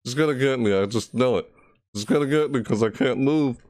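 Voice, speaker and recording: A man's voice: medium pitch, a little fast, darkish tone, no echo, studio quality. A man giving live horror game commentary through a VR headset, jumpy and frustrated, often breaking into panicked yelps and shrieks. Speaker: gameplay commentator.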